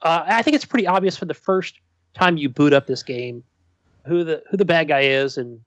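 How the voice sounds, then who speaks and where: A man's voice: a little high, normal speed, a bit bright, no echo. A man co-hosting a podcast, rambling enthusiastically in casual chat with lots of fillers. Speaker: podcast co-host.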